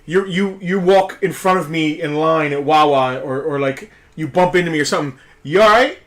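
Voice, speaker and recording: A woman co-hosting a live toy shop stream, relaxed and playfully teasing. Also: low voice, moderate pace. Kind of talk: casual livestream chat.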